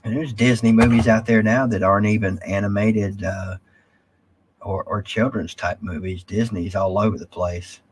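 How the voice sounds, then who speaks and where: A man's voice: lowish voice, fairly even intonation, moderate pace, husky. A man hosting a casual live stream, rambling and reading viewer comments aloud.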